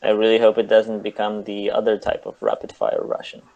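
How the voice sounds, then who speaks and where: Gravelly low-voiced male player. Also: very animated, a little fast, dark tone, muffled recording. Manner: hesitant questions about the rules. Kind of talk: casual chat at a game table.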